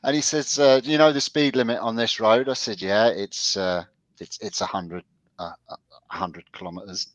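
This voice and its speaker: Lower-voiced man telling casual stories. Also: steady tone, normal speed, dry recording. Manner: storytelling, stop-start with restarts. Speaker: podcast co-host. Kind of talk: casual chat.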